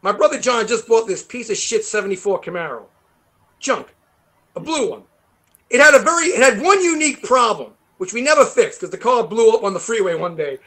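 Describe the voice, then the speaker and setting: High-voiced New man telling stories. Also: lively intonation, fairly quick, fairly bright tone. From New York. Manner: swearing, rambling storyteller who laughs often. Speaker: guest guitarist. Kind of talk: casual interview chat.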